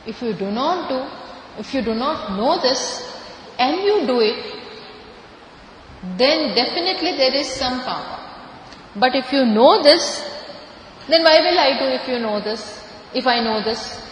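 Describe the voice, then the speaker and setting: Indian woman teacher, fairly high voice, lecture recorded in an echoey hall with faint room noise. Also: lively intonation, measured pace, pauses often. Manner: explanatory, repeats key words, light laughs. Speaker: spiritual teacher. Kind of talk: scripture lecture.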